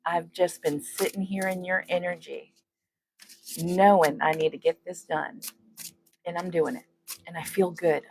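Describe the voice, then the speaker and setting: A woman's voice: lowish voice, vocal fry, a little hiss or hum. A woman giving a casual tarot reading to her viewers, chatty and talking to spirit, humming as she works. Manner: chatty, talks to spirit and viewers, hums while shuffling. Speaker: tarot reader.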